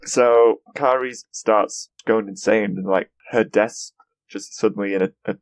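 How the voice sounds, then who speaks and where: A man hosting a casual podcast, chatty and quick to laugh as he talks through an episode. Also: on the low side, steady tone, no echo. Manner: chatty, laughs often, mimics characters in quick asides. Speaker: podcast host.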